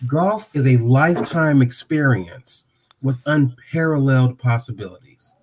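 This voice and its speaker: A man in his sixties from Ohio, a podcast guest telling a story and acting out the dialogue with lively voices. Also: mid-range voice, unhurried, a little hiss or hum. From Dayton, Ohio.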